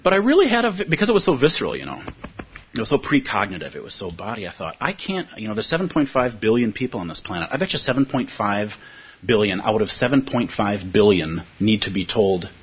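A man giving a reflective dharma talk as a Buddhist teacher, earnest, with pauses and fillers. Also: fairly low pitch, big pitch swings. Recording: dull lo-fi recording with faint hiss.

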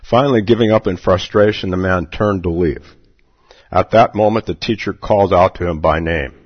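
A man's voice: low voice, moderate pace, husky, dry recording. A man giving a dharma talk as a Zen meditation teacher at a retreat, playful, chuckling often and repeating his questions. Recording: dull lo-fi recording.

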